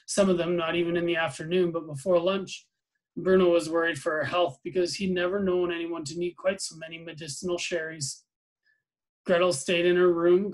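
A man with a slightly high voice reads a novel aloud to his students. His reading is plain and even, with small slips that he corrects as he goes. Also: low-quality recording.

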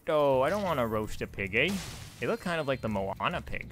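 A man's voice: mid-range voice, sing-song, brisk, a bit bright, a little hiss or hum. Chatty man commenting on a game. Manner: chatty, rambling, laughs often. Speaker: let's play host. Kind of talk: casual gameplay commentary.

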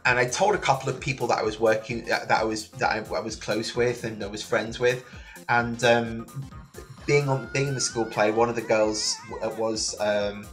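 A man from near Liverpool in England, a guest telling his story in a relaxed interview, lively and full of restarts. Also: medium pitch, normal speed, soft background music. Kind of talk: casual interview chat. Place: remote call from another country than the host.

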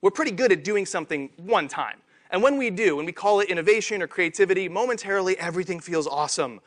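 A man giving a conference keynote talk on stage, animated and self-deprecating. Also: sits high, fast talker. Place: conference stage before an audience.

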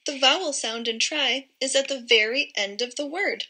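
A woman teaching a phonics lesson to young children, modelling each word sound slowly and clearly. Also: high voice, sharp tone, slight background noise, rough recording.

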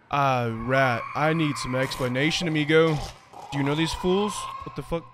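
A man's voice: a little high, fairly even intonation, unhurried, noisy background. A young man hosting a let's-play, joking, swearing and laughing as he reacts. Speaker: gaming video host.

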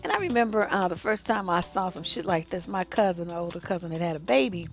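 A woman's voice: on the low side, animated, fast, faint music behind. A woman relationship coach giving blunt, profane, conversational advice straight to her audience. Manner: conversational, addresses the audience directly. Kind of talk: casual advice monologue.

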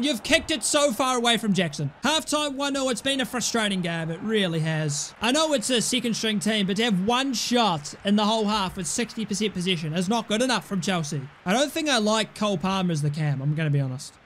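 A young man commentating his own football game play, excitable, grumbling at misses and yelling at goals. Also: high-pitched, normal speed, slight background noise. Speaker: gaming YouTuber. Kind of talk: casual gameplay commentary.

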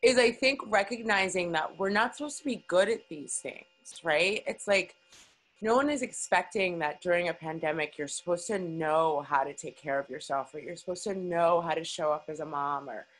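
A woman's voice: fairly low pitch, normal speed, poor audio. A woman hosting a podcast, talking in an emotional, encouraging and emphatic way. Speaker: podcast host. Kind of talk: casual interview chat.

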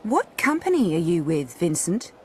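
A woman voicing a friendly female sales manager in a textbook listening dialogue, clear and even. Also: fairly low pitch, moderate pace, a little hiss or hum.

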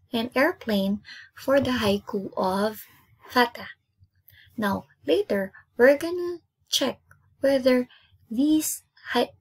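Slow husky woman teaching syllables. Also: fairly high pitch. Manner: slow, repeats each word twice and counts out syllables. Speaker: English teacher. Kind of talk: classroom lesson, spelled-out syllables.

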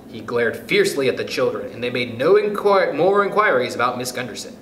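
A man reading a children's book aloud, expressive and animated. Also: medium pitch, a little fast, hardly any pauses. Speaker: storyteller. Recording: roomy echo, faint noise.

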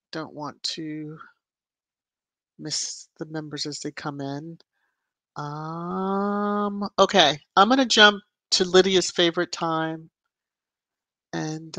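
A woman hosting a casual livestream, chatting and greeting viewers by name with lively rises in her voice. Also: sits low, no echo. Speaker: livestream host. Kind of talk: casual live chat reading viewer comments.

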